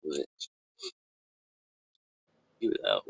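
A man co-hosting a casual chat podcast, rambling loosely and swearing, with sudden high exclaims. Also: very slow, no room sound. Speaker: podcast co-host. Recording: dull lo-fi sound.

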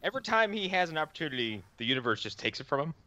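A man co-hosting a casual podcast chat, animated and quick to act out what others might say. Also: on the high side, dry recording. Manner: animated, mimics people in quoted asides. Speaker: podcast co-host. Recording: dull lo-fi mic.

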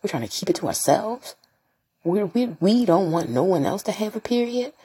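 A young adult woman hosting her own podcast, talking in a blunt, profane, animated way that swings between loud outbursts and hushed whispers. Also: mid-range voice, moderate pace, slightly rough. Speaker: podcast host and streamer. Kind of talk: casual solo podcast rant.

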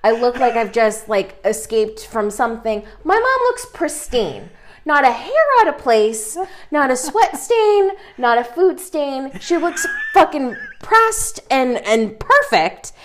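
A woman's voice: high voice, slow, slight background noise. Woman telling a comic story, swearing. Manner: animated, swears freely, laughs through the telling. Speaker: podcast co-host.

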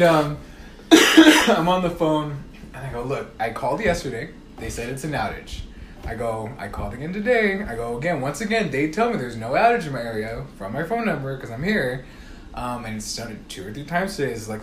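A man's voice: mid-range voice, lively intonation, moderate pace, echoey room, slight background noise. A man telling a long story in casual chat, swearing freely and acting out both sides of phone calls. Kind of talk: casual storytelling among friends.

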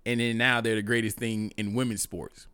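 A man's voice: fairly low pitch, flat delivery, moderate pace, clean tone, no echo, clean studio sound. A man co-hosting a casual talk show, opinionated and provocative, swearing freely and often breaking into laughter. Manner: loud, provocative, profane, laughs and shouts. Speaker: podcast co-host.

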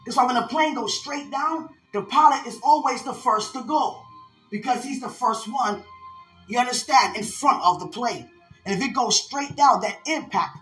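A woman's voice: fairly high pitch, a bit bright, roomy sound. A woman preaching a prophetic sermon, calling out to her listeners as she tells of a vision. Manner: fervent preaching, call-outs to listeners.

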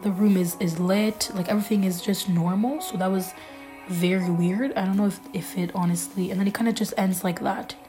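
A woman recounts a frightening experience in a loose, halting way, full of fillers and restarts. Her voice is mellow and warm, at an ordinary pitch. Faint music plays softly underneath. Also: steady tone. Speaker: storyteller. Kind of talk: casual personal storytelling.

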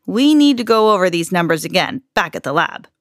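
A woman voicing a pompous male expert doctor who announces things slowly and with authority. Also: fairly low pitch, very animated, a bit bright, dry recording, studio quality. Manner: slow, authoritative delivery.

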